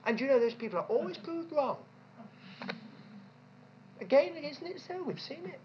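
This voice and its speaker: A woman preaches a sermon, her pitch swinging widely as she leans into rhetorical questions and repeats key points for emphasis. The recording sounds dull and lo-fi, with a faint ambient hiss behind her. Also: expressive, normal speed.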